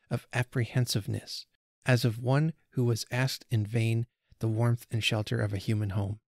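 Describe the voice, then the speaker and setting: A man hosting a podcast, reading a story aloud in measured, unhurried narration. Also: medium pitch, a little mellow, dry recording, clean studio sound. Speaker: podcast host.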